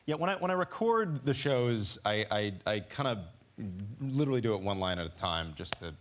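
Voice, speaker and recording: A man chatting as a guest on a talk show about voicing characters, speaking haltingly with many restarts. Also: mid-range voice, big pitch swings. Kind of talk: casual anecdotal chat. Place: TV studio with audience. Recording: studio audience and noise behind.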